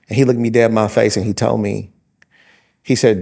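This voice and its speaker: A man's voice: on the low side, fairly even intonation, brisk, a little mellow. A man in his forties, a podcast co-host, telling a story in casual chat with many restarts and fillers.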